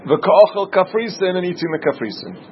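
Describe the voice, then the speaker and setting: A man's voice: high voice, very animated, brisk, lo-fi sound, a little hiss or hum. A man teaching a Talmud class, asking his listeners questions and stressing each word as he explains.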